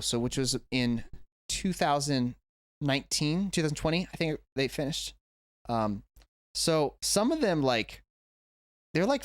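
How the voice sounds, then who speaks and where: Recorded at studio quality with no room sound, this fairly high-pitched man is an English teacher doing a casual reaction vlog. Indoors at home, he rambles and self-corrects while discussing a video.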